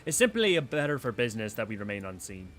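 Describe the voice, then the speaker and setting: A man's voice: fairly low pitch, sing-song, quick pace, fairly bright tone, a little hiss or hum, voice pushed down. A man voicing a swaggering male pirate rogue leader in a put-on accent, boisterous and bawdy.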